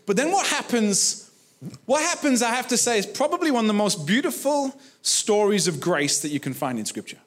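A man preaching a sermon, retelling a story in a reflective way, with frequent pauses and restarts. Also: high-pitched, fairly bright tone.

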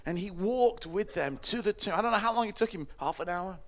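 A man preaching a sermon, telling the story dramatically and swinging from loud calls to hushed words. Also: high-pitched, expressive, fairly quick. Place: hall or church with a microphone.

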